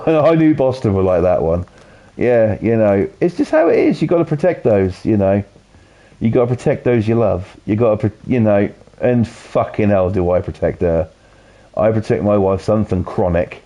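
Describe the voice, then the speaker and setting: A British man talks casually while streaming a game, rambling and swearing freely, with constant "you know"s. His voice is lowish and mellow. The sound is somewhat dull and lo-fi. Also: sing-song, normal speed. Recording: dull lo-fi audio.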